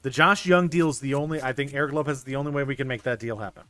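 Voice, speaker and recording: A young man streaming a baseball management game, chatting casually with his viewers, excitable and stumbling over restarts. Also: medium pitch, racing, no room sound. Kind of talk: casual gameplay commentary talking to chat. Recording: dry close mic with faint game music.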